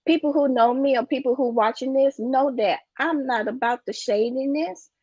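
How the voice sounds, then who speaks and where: Emphatic high-voiced woman preaching about money. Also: normal speed, darkish tone, no echo, muffled recording. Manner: preachy, repeats "you get what I'm saying". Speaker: guest speaker on finances. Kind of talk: emphatic motivational talk.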